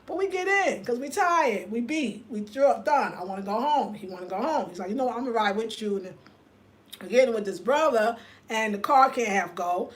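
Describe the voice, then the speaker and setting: An older woman telling a story in a casual, animated way, swearing and acting out the other people in it. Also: on the high side. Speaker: vlogger.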